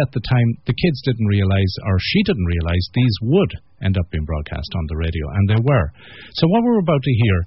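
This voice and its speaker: A man's voice: on the low side, breathy edge, dry recording, lo-fi sound. A man hosting a live radio program, introducing tracks and guests in an easygoing, chatty way. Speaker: radio host.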